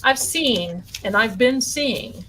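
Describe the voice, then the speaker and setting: A folksy woman hosts a live stream from home and chats with viewers she calls her darlings. She speaks at an unhurried, drawn-out pace, and faint room ambience sits behind her voice. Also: fairly high pitch, lively intonation, fairly bright tone, a little hiss or hum, rough recording. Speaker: livestream host and spiritual teacher.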